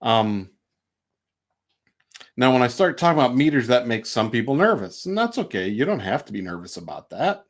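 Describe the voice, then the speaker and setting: Relaxed man teaching rhythm. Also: medium pitch, moderate pace. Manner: relaxed, chats and sings rhythm syllables to show beats. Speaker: music teacher. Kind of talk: livestream music lesson. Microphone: home livestream mic.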